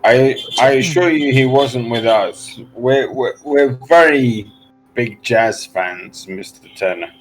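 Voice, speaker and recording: Player, male, mid-pitched, polite formal in-character delivery. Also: takes it slowly, soft background music, rough recording. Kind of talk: in-character role-play.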